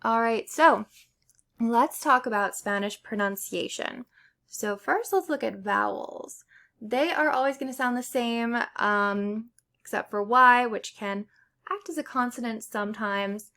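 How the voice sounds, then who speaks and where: A woman's voice: on the high side, a little slow, pushed and bright. A young woman teaching Spanish pronunciation in a casual lesson, explaining step by step with examples.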